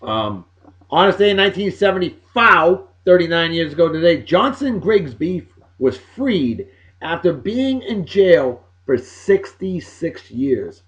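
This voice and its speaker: A man's voice: a little high, sing-song, a little slow, lo-fi sound. A man hosting a casual video blog, brash and joking, with a loose, crude way of talking. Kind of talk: casual chat over music.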